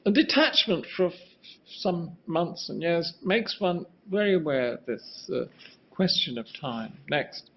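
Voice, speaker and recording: A man's voice: a little high, lively intonation, measured pace, a little hiss or hum. An older man giving a rambling, musing lecture on architecture, often restarting his sentences and asking for the next slide. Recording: muffled lo-fi sound.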